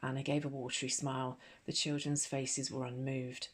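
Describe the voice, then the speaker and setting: An English woman with a notably low voice reads a novel aloud in a soothing audiobook style. Her storytelling is gentle and measured throughout. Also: little pitch movement, husky. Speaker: audiobook narrator. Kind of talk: ASMR audiobook narration.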